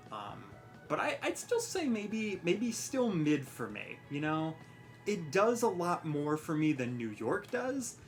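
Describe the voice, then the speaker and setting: A young woman giving casual, rambling let's-play commentary over a racing game, joking about herself and yelping at the action. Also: low-pitched. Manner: chatty, rambling, self-mocking, yelps at the game. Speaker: gaming commentator.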